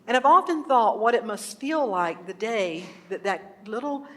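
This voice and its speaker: A woman's voice: on the high side, animated, moderate pace. A woman minister giving an earnest sermon in a church, telling stories and asking the congregation questions. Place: church sanctuary. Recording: echoey hall.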